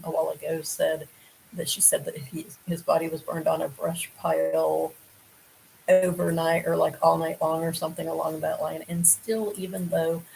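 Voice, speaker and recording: A woman's voice: low voice, creaky, darkish tone, a little hiss or hum, rough recording. A woman hosting a casual true crime show, reading from news articles and adding her own asides and opinions. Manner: casual, digressive, with frequent ums and asides. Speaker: true crime podcast host.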